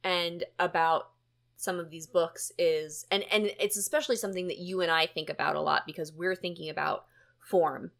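Woman host chatting away on a podcast, animated, lots of likes and ums. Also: on the low side, normal speed, creaky. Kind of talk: casual chat.

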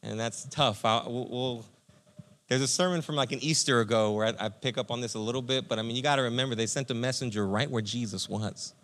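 Energetic man preaching a casual sermon. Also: medium pitch, fast talker. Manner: conversational, energetic, addresses listeners as friend. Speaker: pastor.

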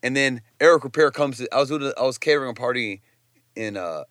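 A man's voice: mid-range voice, a little fast, fairly bright tone, no room sound, studio quality. A man who is a chef, talking as a guest in a casual interview, telling loose stories full of slang and swearing. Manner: loose, profane storytelling with slang.

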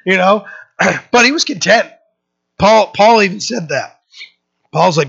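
A man preaching a sermon with a bright, forceful voice that sits a little high for a man. He talks in a casual, emphatic way, full of fillers and restarts, and jumps up in pitch when he acts out quoted voices. The recording sounds dull and muffled. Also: lively intonation, a little slow, gravelly, husky. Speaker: pastor.

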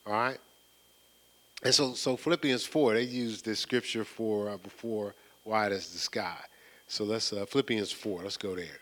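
Male preacher, bright forceful tone, casual slangy Bible teacher who gets fired up. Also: fairly low pitch, moderate pace. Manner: animated, repeats words, builds in excitement; casual, slangy street-style phrasing. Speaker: preacher leading a Bible study. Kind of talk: conversational sermon.

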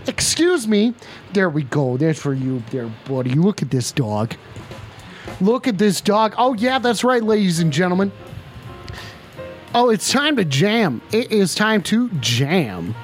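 An excitable man hosts a comedic live-stream call-in bit, his voice high and swooping wildly up and down. He rattles off profane, flustered outbursts over faint background music. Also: a little slow. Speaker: streamer hosting a mock call-in show.

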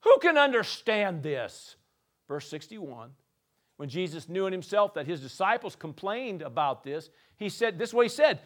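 A man preaching a sermon in an animated, playful way, swinging from soft asides to shouting. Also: sits high, moderate pace. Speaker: pastor.

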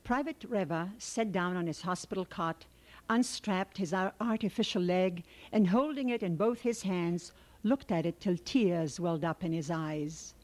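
A woman's voice: lowish voice, a little slow, a little mellow. Woman reading a novel aloud. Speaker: reader.

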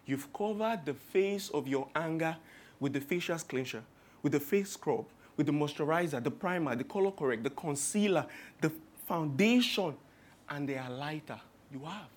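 A man's voice: on the high side, expressive, normal speed. A man with a Nigerian accent preaching a sermon in a humorous, rhetorical way, piling up long spoken lists.

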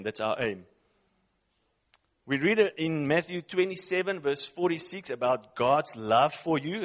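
Reading scripture aloud in English, his second language, this preacher delivers an emphatic sermon. His pitch is medium, and he repeats phrases and puts questions to those listening.

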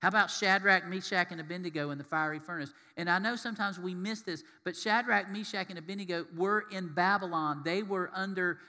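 Male pastor preaching, animated with rhetorical questions; high, bright voice, hall reverb. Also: fairly quick, hardly any pauses. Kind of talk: sermon.

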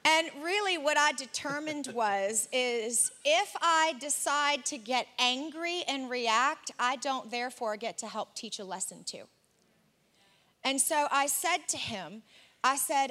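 Woman, fairly high voice, bright tone, candid, lively storytelling. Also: slow pace. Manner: candid, lively anecdotal delivery. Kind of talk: personal storytelling in a discussion.

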